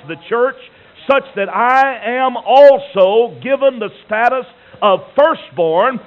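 Male preacher, fairly high voice, delivering a sermon with big dynamic swings and folksy asides; tinny phone-band recording. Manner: dramatic swings between loud declaiming and hushed asides; folksy asides between scripture quotations. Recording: narrow phone-like sound.

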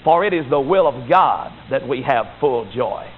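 A Baptist pastor preaches a sermon with emphasis and repetition, building to rising exhortations. His mid-range voice has lively intonation at a moderate pace, in a tinny, phone-like recording with faint hiss.

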